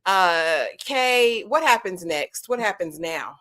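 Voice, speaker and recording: A woman hosting a casual TV review chat with friends, animated and teasing. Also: mid-range voice, slow. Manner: animated, teasing, laughs often. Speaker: host of a TV review show.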